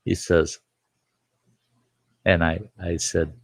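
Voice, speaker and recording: A man's voice: low voice, completely flat delivery, takes it slowly, no room sound. A man in his sixties hosting a live stream, talking in a rambling, emphatic, indignant way from his home studio. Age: 60s. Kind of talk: casual monologue.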